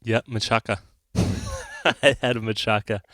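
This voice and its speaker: A man co-hosting a podcast, telling a story in a casual, animated way with frequent laughter. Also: lowish voice, a little slow, dry recording, clean studio sound. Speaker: podcast co-host, band member.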